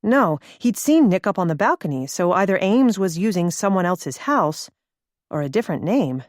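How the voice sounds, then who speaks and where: Here a woman's voice on the low side carries scripted audiobook narration, delivered steadily and deliberately like a storyteller. The studio-quality recording has no room sound.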